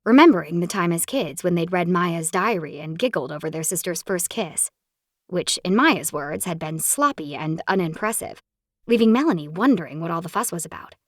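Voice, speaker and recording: Expressive woman audiobook narrator. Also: fairly low pitch, moderate pace, dry recording, studio quality. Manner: expressive, animated storytelling. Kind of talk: scripted romance narration.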